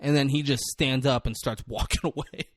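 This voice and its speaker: A man's voice: mid-range voice, normal speed, no room sound, studio quality. A man co-hosting a podcast, recapping a film in a casual chat and swearing freely. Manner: retells scenes with excited acted-out quotes, swears freely. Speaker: podcast co-host.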